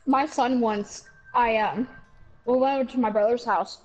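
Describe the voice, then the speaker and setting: A woman's voice: on the high side, fairly even intonation, normal speed, darkish tone, faint music behind. A woman and mother chatting casually on a podcast, telling blunt, rambling anecdotes. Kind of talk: casual chat. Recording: dull lo-fi recording.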